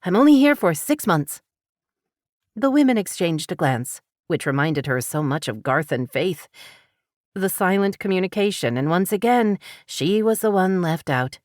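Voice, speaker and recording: A woman narrating an audiobook in an expressive, lively reading style. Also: on the low side, normal speed, dry recording, studio quality. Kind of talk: scripted narration.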